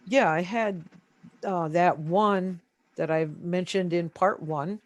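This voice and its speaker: A man being interviewed, telling a story in a casual, animated way with many fillers. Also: sits high, slow, no room sound. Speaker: interview guest.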